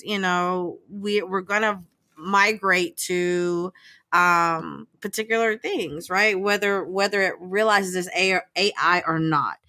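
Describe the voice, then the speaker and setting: A woman therapist co-hosting a podcast, talking in a chatty, animated way with many fillers and frequent laughs. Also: mid-range voice, no echo. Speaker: therapist co-host. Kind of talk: casual podcast chat.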